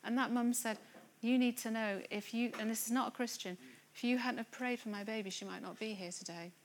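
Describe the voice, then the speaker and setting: A woman preaching a sermon to a church congregation, earnest and building to excited emphasis. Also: on the high side, brisk, slight background noise. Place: church gathering room.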